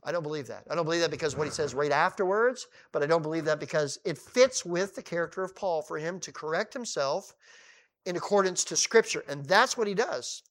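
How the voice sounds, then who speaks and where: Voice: medium pitch, fairly quick. Preacher retelling scripture with emphatic repetition. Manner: retells scripture scenes in lively, acted-out paraphrase. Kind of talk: conversational Bible teaching.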